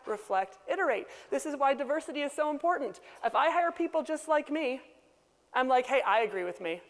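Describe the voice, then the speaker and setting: A woman delivering a lively conference keynote speech in a conversational way, often acting out the people she quotes. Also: high-pitched. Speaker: keynote speaker. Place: conference hall. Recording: reverberant conference hall.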